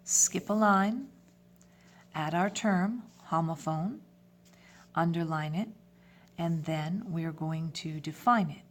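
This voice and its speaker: Female teacher, lowish voice, patient instructional delivery mixing English and French terms. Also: slow pace, long pauses. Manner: clear, step-by-step instruction. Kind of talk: classroom lesson.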